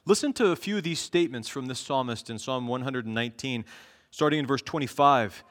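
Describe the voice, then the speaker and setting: A man preaching a sermon as pastor, earnestly reading scripture aloud and slowing down for each verse. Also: mid-range voice, fairly bright tone. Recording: long echo of a large hall.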